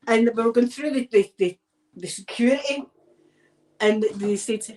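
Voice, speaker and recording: A Scottish woman, host of her own channel, telling personal stories in a chatty, animated way and laughing often. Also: fairly high pitch, normal speed, low-quality recording. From Scotland. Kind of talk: casual storytelling chat.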